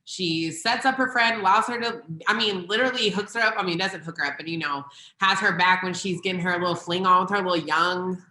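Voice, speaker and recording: A woman comedian chatting in an excited, gushing way, full of playful slang and "like". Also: on the low side, brisk, reverberant. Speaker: comedian guest. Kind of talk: animated casual chat.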